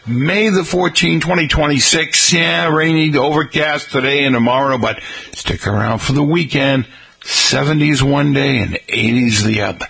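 A man's voice: medium pitch, creaky, sharp tone, breathy edge, poor audio. A male radio host chatting casually and folksily with his listeners.

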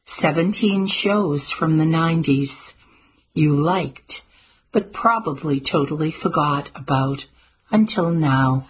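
A woman narrating an audiobook in a calm, measured storytelling manner. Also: low-pitched, breathy edge.

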